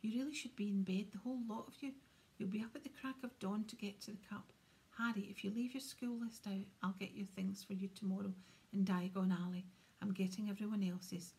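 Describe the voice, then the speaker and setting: A woman's voice: mid-range voice, steady tone, fairly quick, a little mellow, slightly rough. Woman whispering as a fussy motherly witch. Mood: bossy. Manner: scolding, fussing. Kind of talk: whispered role-play.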